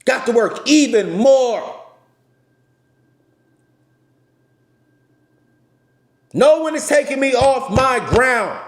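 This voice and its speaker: A man hosting a live stream, talking loudly and passionately to his viewers in a preachy, repetitive way. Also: extremely high pitch, echoey room. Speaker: channel host. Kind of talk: passionate livestream talk. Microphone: phone camera.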